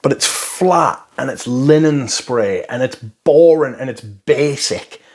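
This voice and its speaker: This male fragrance reviewer speaks slowly at a medium pitch, with a somewhat mellow tone. His first takes on fragrances come out loose and meandering, delivered bluntly and packed with profanity.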